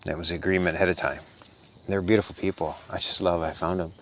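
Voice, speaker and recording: A man's voice: sits low, steady tone, fast talker, a little hiss or hum. A man giving an earnest, rambling spiritual talk in a casual monologue, sounding a little tired. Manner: earnest, rambling, soft-spoken. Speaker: spiritual vlogger.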